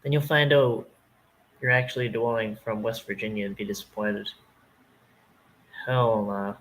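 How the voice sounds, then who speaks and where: A man's voice: on the low side, fairly even intonation, measured pace, fairly bright tone, rough recording. A man with a Canadian accent chatting casually on a stream, rambling, joking and swearing freely. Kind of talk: casual chat.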